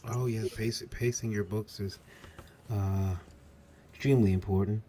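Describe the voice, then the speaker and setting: A man putting on a low, slow, drawn-out voice as a joke on a panel. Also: fairly even intonation, crowd noise, natural voice. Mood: mock serious.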